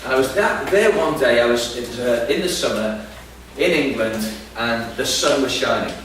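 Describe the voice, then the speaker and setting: This preacher's sermon includes a funny story at his own expense, told to an audience in a big hall. He speaks at normal speed with a medium-pitched, slightly bright voice and lively intonation, and the recording is echoey, distant-miked, and noisy.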